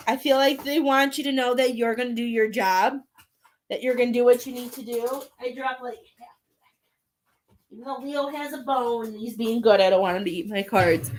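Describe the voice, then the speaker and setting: Woman, tarot reader and medium, somewhat high voice, talkative and heartfelt, laughs a lot, gets emotional. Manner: chatty, warm-hearted, laughs often between thoughts; emotional, near tears at times. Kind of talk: live tarot reading.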